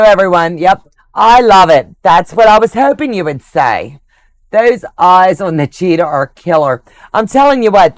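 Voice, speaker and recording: A woman's voice: fairly low pitch, no echo. An older woman hosting a quilting livestream, chatting casually and gushing affectionately over viewers' comments.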